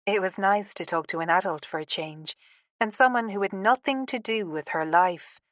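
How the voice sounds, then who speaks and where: A woman's voice: mid-range voice, moderate pace, a bit bright, no room sound. Woman narrating an audiobook, dry sound. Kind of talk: scripted narration.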